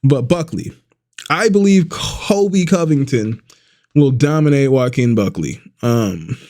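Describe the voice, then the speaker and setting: A man's voice: mid-range voice, lively intonation, a little slow, warm tone. A man giving casual, rambling predictions on an upcoming fight as a video host, swearing now and then. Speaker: YouTube MMA commentator.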